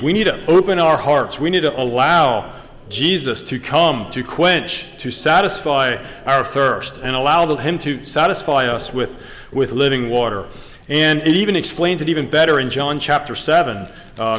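A man preaching a sermon, earnest and halting, with frequent ums and restarts, reading scripture aloud. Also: medium pitch, a bit bright. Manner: reads scripture in King James wording. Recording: long reverb of a hall.

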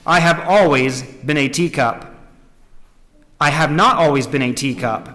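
A man's voice: a little high, a little slow, pushed and bright. A man voicing a suffering teacup that cries out and pleads as it is shaped and fired. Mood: calm recounting. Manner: pleading, crying out in distress. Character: suffering teacup, once a lump of clay. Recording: echoey hall.

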